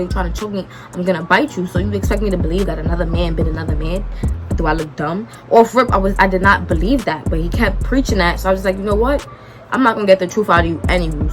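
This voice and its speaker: A young woman vlogger, telling a dramatic storytime and acting out the dialogue. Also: on the low side. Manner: animated, dramatic retelling with quoted dialogue. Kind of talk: storytime vlog.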